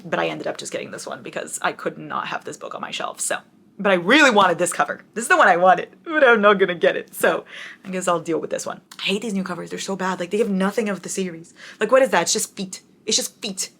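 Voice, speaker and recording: A woman's voice: lowish voice, expressive, quick pace, gravelly, fairly bright tone, slightly rough. A young woman chatting casually to camera about books, bubbly and dramatic, now and then breaking into song. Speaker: book vlogger.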